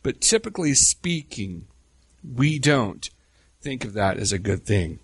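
A middle-aged man preaching a sermon in a conversational way, with rhetorical questions and slow, emphatic pauses. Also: mid-range voice, sing-song, slightly rough, no echo, studio quality. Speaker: pastor.

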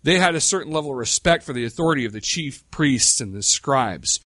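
Middle-aged man preaching, casual and emphatic, mid pitch, dry close recording. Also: lively intonation, fairly bright tone, dry recording. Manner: conversational, rhetorical questions, slow emphatic pauses. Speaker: pastor. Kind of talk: sermon.

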